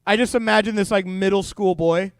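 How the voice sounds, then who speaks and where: Animated high-voiced young male preacher. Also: brisk, clean tone, no room sound. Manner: animated, joking storyteller. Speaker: youth pastor. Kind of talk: youth sermon.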